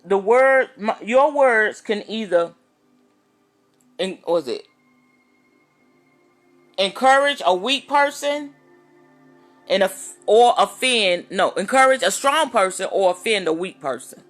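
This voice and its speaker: A woman minister talking straight to her viewers in a casual, animated, preachy vlog monologue. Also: mid-range voice, takes it slowly, pauses often, soft background music.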